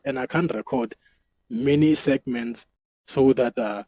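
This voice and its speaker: A man's voice: mid-range voice, unhurried, a little mellow, low-quality recording. A South African man hosting his own show, talking loosely and profanely and laughing at himself. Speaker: podcast host. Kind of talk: casual solo commentary.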